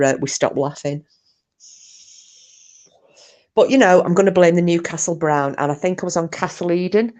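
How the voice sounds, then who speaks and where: With a low, slightly mellow voice, a British livestream host rambles through stories in a casual stream. She giggles and bursts out laughing as she reads the comments.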